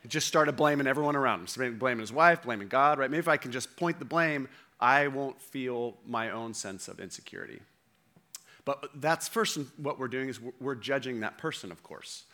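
A man's voice: mid-range voice, normal speed, sharp tone. A man preaching a sermon in a conversational way, often checking in with the audience. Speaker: pastor.

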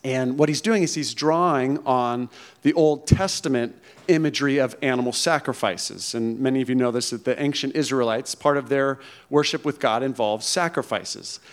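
A man's voice: mid-range voice, normal speed. A male pastor preaching a conversational sermon who often checks in with the congregation. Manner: conversational, emphatic, checks in with "okay?" and "right?".

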